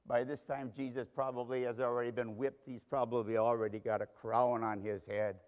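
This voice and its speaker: A man's voice: medium pitch, flat delivery, moderate pace. A man preaching a sermon, telling a Bible story dramatically and speaking straight to its characters. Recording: long hall reverb.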